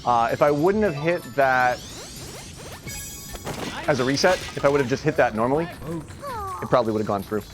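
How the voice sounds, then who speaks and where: A man streaming an online golf game live, commenting excitedly, laughing often, swearing and scolding himself over his shots. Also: medium pitch, over music. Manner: excitable, swearing, quick to laugh and self-critical.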